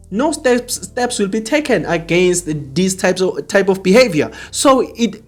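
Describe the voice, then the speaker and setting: A man hosting an opinionated commentary monologue, talking earnestly and repetitively straight to his viewers. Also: high voice. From South Africa. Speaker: commentary channel host.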